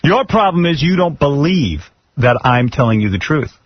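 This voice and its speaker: A man's voice: on the high side, expressive, normal speed, a little hiss or hum. A male radio host, blunt and teasing with his guests. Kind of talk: radio talk show. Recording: dull lo-fi radio broadcast.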